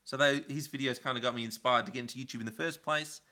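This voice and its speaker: A man's voice: mid-range voice, steady tone, quick pace, sharp tone. A man chatting casually on a live stream, rambling and answering viewer comments. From Australia. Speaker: livestream host.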